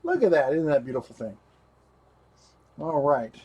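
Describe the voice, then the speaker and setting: A man's voice: a little high, sing-song, normal speed, darkish tone, slightly rough, highs cut off. A man hosting a livestream while rebuilding a computer, chatting casually, talking to his parts and his dog. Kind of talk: casual live tech narration.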